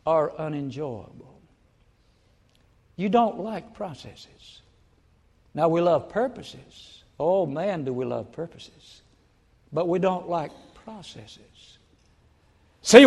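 Male preacher, folksy storyteller, raised gravelly voice, long hall reverb, bursts loud for quoted lines. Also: sits high. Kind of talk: sermon. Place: church sanctuary.

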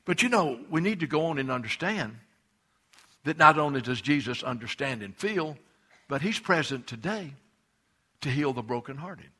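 A man preaching a sermon, emphatic, with frequent repeated words and big swings between loud declarations and hushed, earnest passages. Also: a little high, expressive, normal speed, husky. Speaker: pastor.

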